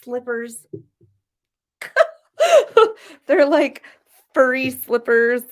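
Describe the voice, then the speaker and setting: A woman's voice: high-pitched, sing-song, very slow. Woman, podcast co-host, casual livestream chat, laughs easily, rambles. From Washington State. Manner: chatty, laughs often, rambling restarts.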